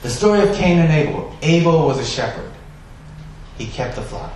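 A man preaching a sermon, stressing key words loudly and then dropping to a soft, quiet delivery. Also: a little high, animated, normal speed, slight background noise. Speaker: pastor. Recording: echoey room, voice from a distance.

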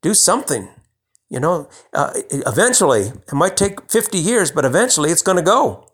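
A man's voice: fairly high pitch, big pitch swings, normal speed, a bit bright, slightly rough. A man preaching a sermon in a conversational way, restarting phrases and building to emphatic bursts.

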